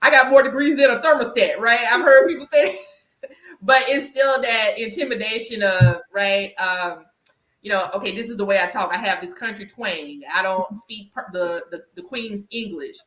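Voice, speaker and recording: A woman's voice: medium pitch, normal speed, a bit bright, reverberant, low-quality recording. A woman with a Southern US country twang hosting a podcast interview, talking in an emphatic, chatty way and often tagging on "right?". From Southern United States. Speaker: podcast host and career coach. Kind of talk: conversational interview.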